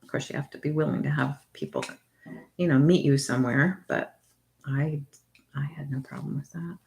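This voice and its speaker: Low-pitched middle-aged woman, easygoing craft-stream host, rambling friendly chat. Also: normal speed, darkish tone. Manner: chatty, meandering, reads out viewer comments. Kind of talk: casual chat with viewers.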